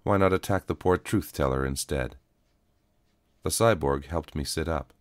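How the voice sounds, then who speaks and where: A man narrating a first-person audio story in a calm, even storytelling manner. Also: rumbling low, moderate pace, no echo, clean studio sound.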